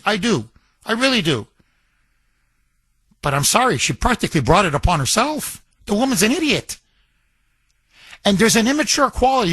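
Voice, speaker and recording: A man's voice: high voice, sharp tone, no echo. A middle-aged man hosting a talk radio show, delivering an emphatic, indignant monologue with lots of repetition.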